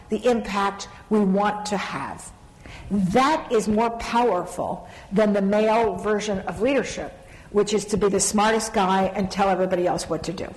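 Animated middle-aged woman in a hall. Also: mid-range voice. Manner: animated storyteller, laughs often. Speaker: speaker on women's leadership. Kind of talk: stage panel talk. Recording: long reverb of a large hall.

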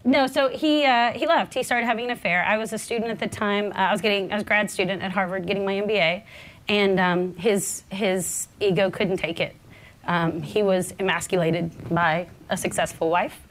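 A woman in her forties telling a personal story on a panel, earnest and halting, her voice shaking with nerves. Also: mid-range voice, fairly even intonation. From American South. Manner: halting, many restarts, earnest. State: nervous, voice shaking. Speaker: panel speaker.

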